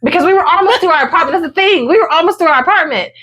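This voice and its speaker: A woman co-hosting a podcast, telling a story in a casual, animated and profane way. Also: extremely high pitch, rapid-fire, slight background noise. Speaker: podcast co-host.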